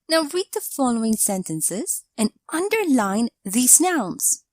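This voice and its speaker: A woman narrating a scripted English grammar lesson in a measured, explanatory way, reading out example sentences. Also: fairly high pitch, big pitch swings, no echo.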